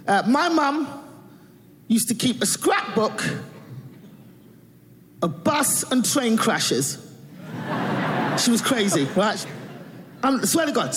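Male comic, high and animated, live in a reverberant hall with room noise. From England. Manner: animated, mimicking, playful. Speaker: stand-up comedian. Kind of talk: stand-up comedy.

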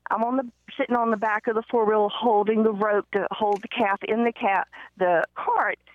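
A woman calling in to a radio show, telling a story in a rambling, excitable way with many fillers and restarts. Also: mid-range voice, normal speed, no echo. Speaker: caller. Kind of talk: phone-in storytelling. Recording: muffled phone line, dry.

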